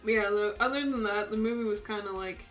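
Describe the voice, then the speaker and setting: A woman's voice: medium pitch, fast. A young woman streamer casually telling a funny story while drawing, laughing often as she talks. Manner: giggly, animated, laughs often. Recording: faint music playing behind.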